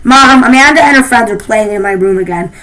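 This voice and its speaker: A snobbish teenage girl complaining in a melodramatic, whiny tone, as a woman puts her on. Her voice sits fairly high, and she is spoiled and easily outraged, like a character from a children's storybook. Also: fairly quick, fairly bright tone, close to an everyday voice, low-quality recording. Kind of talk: storybook reading.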